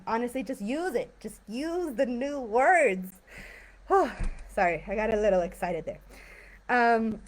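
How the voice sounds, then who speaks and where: Her voice sits on the high side with a slightly mellow quality as she runs a live-streamed English vocabulary lesson. The woman keeps things chatty and encouraging, with lots of filler words.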